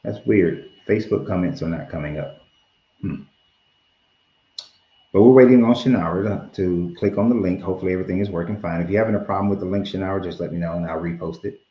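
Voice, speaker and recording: A man with a very deep voice gives calm, patient advice as host of a live stream. His voice sounds roomy and a little dull. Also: quick pace.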